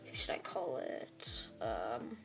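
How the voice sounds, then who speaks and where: A woman's voice: very deep voice, sing-song, takes it slowly, creaky, soft background music. A woman casually retelling a fan-made story for her channel, rambling with many fillers and restarts. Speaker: channel host.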